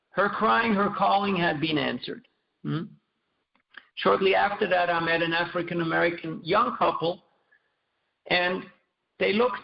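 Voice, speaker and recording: A man giving a scripture class in a measured, storytelling way, with some fillers and repeated words. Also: sits high, gravelly, roomy sound. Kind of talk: sermon. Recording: dull lo-fi recording.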